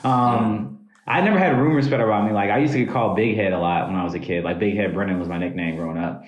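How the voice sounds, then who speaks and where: A man's voice: fairly low pitch, fast talker, lo-fi sound. A young man co-hosting a casual podcast, talking in a laid-back way with lots of fillers. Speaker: podcast co-host. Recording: roomy echo.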